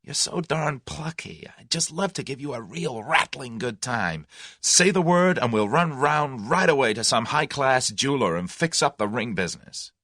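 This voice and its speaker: A man's voice: medium pitch, expressive, moderate pace, pushed and bright, voice pushed up. A man voicing a brash, confident young man with a breezy, direct way of talking. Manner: breezy, direct, folksy slang.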